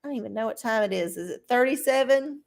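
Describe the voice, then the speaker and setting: A woman's voice: on the high side, animated, fast, creaky. A woman hosting a casual livestream, rambling bluntly with plenty of swearing and self-mockery. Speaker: livestream host doing oracle readings.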